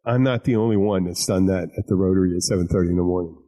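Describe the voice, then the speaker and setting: A man's voice: deep voice, racing, mellow. A man hosting a podcast, a bartender telling rambling stories full of crude jokes and restarts. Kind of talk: casual chat.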